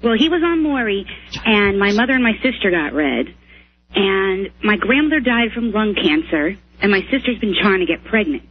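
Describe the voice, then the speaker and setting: A woman's voice: mid-range voice, sing-song, moderate pace, a little hiss or hum. A woman calling into a radio show, telling a story in a chatty way. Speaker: caller. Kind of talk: phone-in call. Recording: dull lo-fi radio call.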